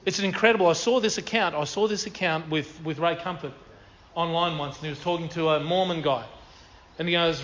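Male preacher, earnest and emphatic, reads scripture, slightly high voice, dull recording. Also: fairly quick, fairly bright tone. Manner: earnest, emphatic, repeats key phrases. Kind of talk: sermon with scripture reading.

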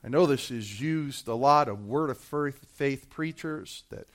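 A man preaching a sermon, speaking straight to the congregation with impassioned delivery that swells from hushed to loud. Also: mid-range voice, normal speed, few pauses. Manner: addresses the congregation directly, who answer back.

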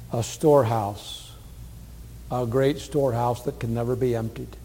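Male preacher, mid-pitched, earnest sermon delivery with swings from quiet to loud, echoing sanctuary sound. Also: fairly even intonation, a little slow. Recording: long hall reverb.

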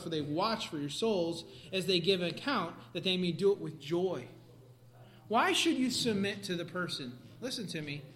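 A man preaching a sermon, animated, swinging from quiet asides to sudden loud outbursts. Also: sits high. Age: adult parent.

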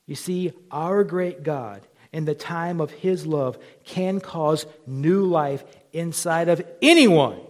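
A male pastor preaching a sermon, moving from quiet, almost whispered lines to loud, fervent appeals. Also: on the high side, slow pace, few pauses. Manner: builds from quiet to impassioned near-shouting.

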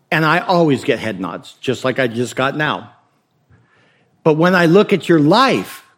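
Male pastor with a slightly high voice, preaching casually with questions and jokes. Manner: conversational preaching with rhetorical questions and humor. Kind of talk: sermon.

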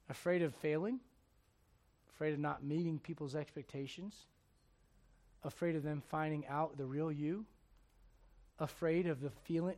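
High-voiced man preaching with swings. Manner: animated, swings from loud urging to quiet confiding. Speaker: pastor. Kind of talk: sermon.

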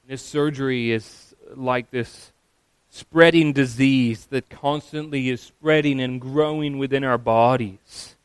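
A pastor giving a sermon, earnest and steady, sometimes acting out quoted voices. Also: male voice, medium pitch, slow, clear, resonant tone, dry recording.

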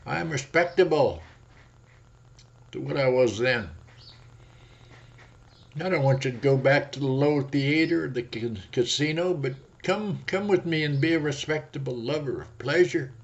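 Devil: smooth boastful tempter, high and coaxing, done by a male preacher, slow, on muffled tape. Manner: coaxing, then loudly thundering. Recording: dull lo-fi audio.

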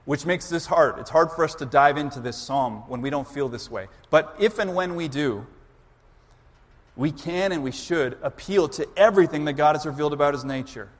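A pastor in his thirties preaching a sermon in a church, building to loud, impassioned pleading prayers. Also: fairly high pitch. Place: church sanctuary. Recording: long reverb of a large church hall.

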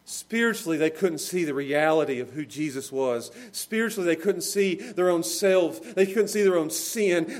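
High-voiced preacher, emphatic. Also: male voice, normal speed, few pauses. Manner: emphatic preaching, rising and falling in volume; laughs at his own examples. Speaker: pastor. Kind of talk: sermon.

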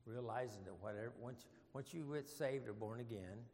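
A man's voice: medium pitch, fairly quick, darkish tone, slight background noise. An older man teaching a casual Bible study in church, folksy and rambling, with frequent chuckles. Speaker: preacher. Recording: long hall reverb.

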